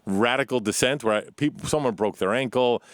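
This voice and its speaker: A man's voice: medium pitch, brisk, no echo. A man guest telling rambling travel stories in casual chat, swearing casually.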